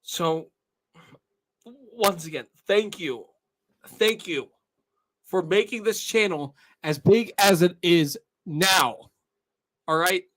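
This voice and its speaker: Young male host, slow and earnest, bright tone, emotional address to viewers. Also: high voice. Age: 20s. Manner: earnest, repeats "all right?". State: emotional, tearing up. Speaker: channel host. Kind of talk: casual monologue to viewers.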